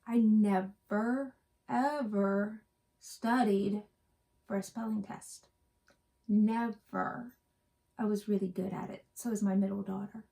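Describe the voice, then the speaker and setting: A woman's voice: medium pitch, flat delivery, moderate pace, creaky, warm tone. A middle-aged woman from West Virginia co-hosting a cross-stitch vlog, chatting and telling rambling stories. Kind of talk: casual chat.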